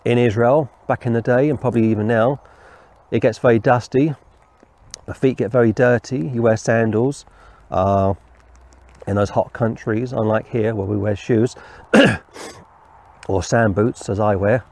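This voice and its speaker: A man's voice: medium pitch, fairly even intonation, a little slow, pauses often, a little mellow. A man giving an informal Bible teaching in a rambling, conversational way, with asides and restarts. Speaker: preacher.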